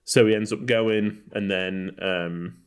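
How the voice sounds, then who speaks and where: A man from Texas co-hosting a casual film podcast. His voice sits a little on the low side. He meanders through his points, full of "um" and "like", and keeps restarting his sentences. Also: steady tone, slow pace, smooth. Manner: rambling, many fillers and restarts. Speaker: podcast co-host.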